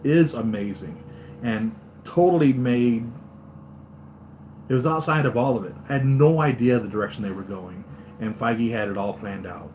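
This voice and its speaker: A man hosting a live stream for his toy-collector channel, chatting excitedly and going off on tangents, with lots of fillers and restarts. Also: mid-range voice, normal speed, a little hiss or hum. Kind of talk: rambling live-stream fan chat.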